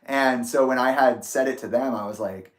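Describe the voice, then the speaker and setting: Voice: mid-range voice, moderate pace. A podcast co-host talking candidly in casual chat, often restarting sentences. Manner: candid and confessional, with stammered restarts.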